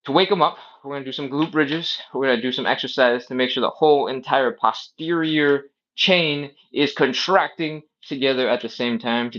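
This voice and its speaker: On a lo-fi recording, a man with a mid-range, fairly bright voice runs a live-streamed stretching class as the instructor. He works through the exercises on the floor while casually cueing them, checking in regularly with "all right?"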